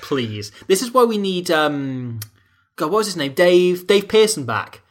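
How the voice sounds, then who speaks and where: A man's voice: high voice, very animated, unhurried. A man hosting a podcast, joking and laughing often in casual chat. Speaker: podcast host.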